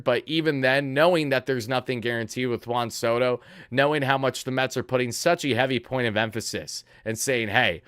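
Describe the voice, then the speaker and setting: A man's voice: medium pitch, a bit bright, clean tone, dry recording, studio quality. A man in his twenties hosting a casual sports livestream, earnest and emotional as he reads out viewer donations. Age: 20s. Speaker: livestream host.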